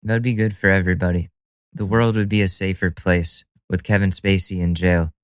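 A man's voice: low voice, flat delivery, brisk, clean tone, dry recording. A man hosting a solo podcast in a casual monologue. He is profane and sardonic and laughs at his own jokes. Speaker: podcast host.

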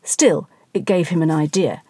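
A woman reading a satirical story aloud in a wry, dry, measured way. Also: low-pitched, dark tone, slightly rough, dry recording. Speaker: narrator.

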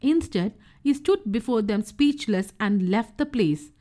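A woman with a high voice reads a children's story aloud. Her reading is clear, gentle and expressive, made for young listeners. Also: unhurried.

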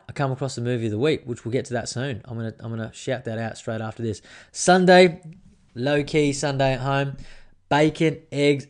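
A man in his thirties hosts his own podcast, chatting loosely about his weekend. He jokes and swears constantly in a rambling, offhand way. His voice sits at an ordinary middle pitch. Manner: swears freely, rambling and joking. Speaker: podcast host. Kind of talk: casual solo podcast chat.

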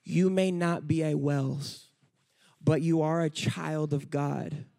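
High-voiced, unhurried preacher man. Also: fairly even intonation, vocal fry. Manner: storytelling, building to impassioned shouting. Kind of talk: sermon.

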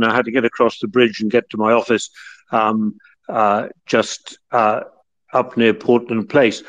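A middle-aged man from the North of England, a guest telling long anecdotes with many fillers and restarts. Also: mid-range voice. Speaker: guest, former football club chief executive. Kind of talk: relaxed anecdotal storytelling. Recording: slightly muffled lo-fi audio.

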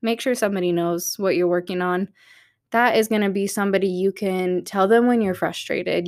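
A woman hosting a podcast, talking candidly and upbeat, encouraging her listeners from her office at night. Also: medium pitch. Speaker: podcast host. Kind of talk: motivational solo podcast talk.

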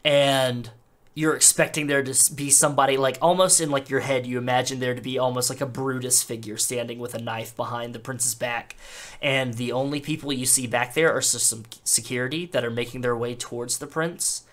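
A man's voice: mid-range voice, steady tone, fairly quick, a bit bright. A man narrating as game master in a tabletop game, loose and full of fillers.

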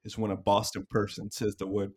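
A man's voice: fairly low pitch, monotone, a little fast, slightly rough. Joking man hosting crude banter. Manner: joking, laughs often. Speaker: podcast host.

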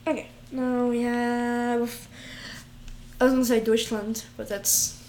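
A woman's voice: fairly high pitch, little pitch movement, takes it slowly, a little mellow, slight background noise. A woman in casual chat, reading out dishes with giggles and stumbling over foreign words.

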